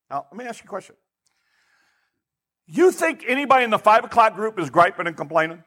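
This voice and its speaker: A male pastor preaching a sermon in an animated way, asking his listeners rhetorical questions. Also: high-pitched, a little fast, long pauses.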